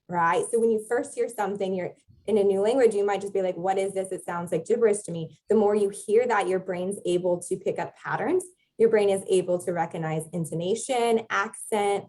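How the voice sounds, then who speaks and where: A woman's voice: medium pitch, warm tone, rough recording. A young adult woman, a Latin teacher, explaining at length as a podcast guest in a thoughtful way with frequent filler words. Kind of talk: casual conversational interview.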